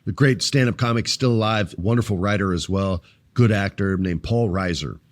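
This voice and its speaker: A middle-aged man hosting a casual wrestling podcast, telling stories with lively acted-out voices. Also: on the low side, normal speed, dry recording. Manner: animated storyteller, acts out quoted voices. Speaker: podcast host.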